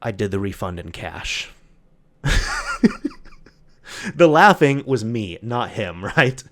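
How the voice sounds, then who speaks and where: A man hosting a solo podcast, telling a long anecdote in a casual, animated way, acting out the other people's lines and often restarting his sentences. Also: fairly low pitch, unhurried, a little hiss or hum. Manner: animated retelling with quoted voices, frequent restarts. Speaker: podcast host.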